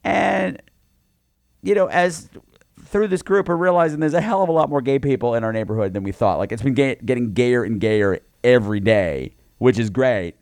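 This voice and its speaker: A man co-hosting a podcast, telling a campy story in a casual, animated way. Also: medium pitch, fairly quick, no echo. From New York. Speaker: podcast co-host. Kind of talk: casual chat.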